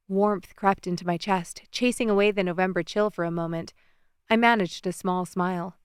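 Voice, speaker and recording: A woman narrating a first-person romance audiobook in an expressive storytelling manner, recorded close in a studio. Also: lowish voice, moderate pace, smooth, dry recording.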